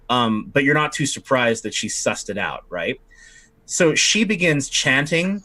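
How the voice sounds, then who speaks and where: Guy running a tabletop game, middle pitch, loose rambly narration. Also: a bit bright. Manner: rambling, lots of fillers and restarts. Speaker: game master.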